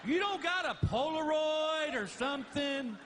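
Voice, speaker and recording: Animated man doing stand-up. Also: very high voice, unhurried, a little hiss or hum. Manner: animated storytelling, acting out both sides of dialogue. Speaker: stand-up comedian. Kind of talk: stand-up comedy storytelling. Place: theater stage with a laughing audience. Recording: live stage recording, audience laughter.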